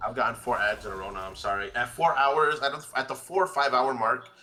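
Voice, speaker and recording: A man's voice: mid-range voice, steady tone, brisk, sharp tone. A man streaming live, chatting casually with friends and his viewers, laid-back and swearing offhandedly. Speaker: livestreamer. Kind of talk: casual chat on a livestream. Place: his own room.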